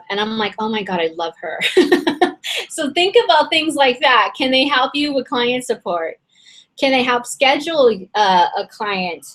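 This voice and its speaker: A woman coach talks members through an online session in a loose, chatty way. She rambles and restarts her sentences with plenty of fillers, and her voice sounds slightly hoarse and worn. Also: mid-range voice, low-quality recording. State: voice a little hoarse and strained. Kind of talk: casual webinar teaching.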